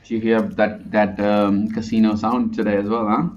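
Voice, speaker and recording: A man's voice: lowish voice, flat delivery, normal speed. A man with an Indian accent giving chatty, analytical live poker commentary, often restarting his sentences. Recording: muffled lo-fi sound.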